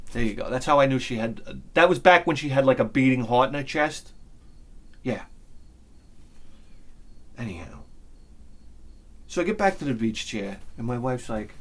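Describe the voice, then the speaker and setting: A middle-aged man, telling a crude, animated story on his vlog, swinging between loud bursts and muttered asides. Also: a little high. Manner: crude humor. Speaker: vlogger. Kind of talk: casual storytelling.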